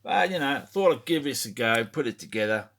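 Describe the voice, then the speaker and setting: A man's voice: medium pitch, animated, fairly quick, background noise. A man chatting casually as a toy collector vlogger, rambling and swearing freely as he talks. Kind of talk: casual show-and-tell vlog.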